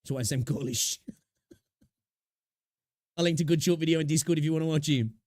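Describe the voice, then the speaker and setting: A man's voice: a little high, normal speed, darkish tone, dry recording, clean studio sound. A young man chatting casually on a live stream, reacting to videos, talking to his chat with slang and frequent laughs.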